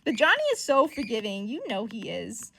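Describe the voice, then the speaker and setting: A woman's voice: a little high, sing-song, moderate pace, gravelly, bright, forceful tone, slight background noise. A woman giving casual, profane, chatty commentary while reading comics aloud. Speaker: comic reader.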